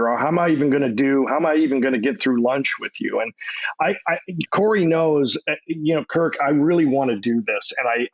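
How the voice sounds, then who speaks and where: A man's voice: medium pitch, vocal fry, no echo. Dry, slightly muffled man telling rambling stories. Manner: rambling anecdotes with many restarts and repeated words. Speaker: podcast guest. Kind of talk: casual interview storytelling.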